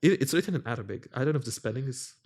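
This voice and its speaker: A man's voice: medium pitch, lively intonation, very fast, darkish tone. A young man hosting a casual podcast chat, telling stories with quoted voices and laughing often. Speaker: podcast host.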